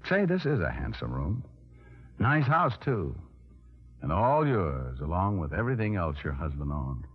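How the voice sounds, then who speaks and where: A man's voice: deep voice, very animated, unhurried, husky, full character voice. A man playing a cocky, wisecracking private detective in an old radio drama, with a teasing manner. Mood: accusing. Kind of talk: 1940s radio drama acting. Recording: muffled old radio broadcast.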